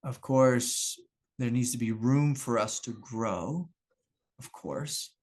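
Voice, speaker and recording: A man's voice: medium pitch, slow, a little mellow. Brief: middle-aged man, spiritual teacher on a video call, candid and self-reflective, laughs easily. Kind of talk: satsang talk.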